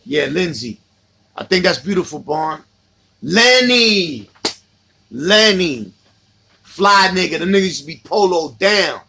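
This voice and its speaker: A man's voice: on the high side, pushed and bright, slight background noise. A middle-aged man with a New York accent, chatting casually on a livestream, reminiscing about old friends and answering viewer comments.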